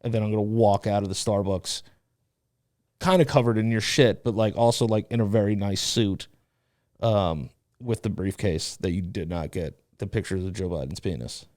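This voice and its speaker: A man's voice: on the low side, moderate pace, darkish tone, dry recording, studio quality. A man co-hosting a podcast, spinning an absurd crude scene in casual chat. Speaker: podcast co-host.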